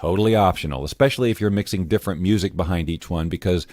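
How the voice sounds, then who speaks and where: Deep-voiced man, casual tutorial host. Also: fast talker, darkish tone, dry recording, studio quality. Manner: casual, self-correcting, clears throat often. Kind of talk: screen-recorded software tutorial.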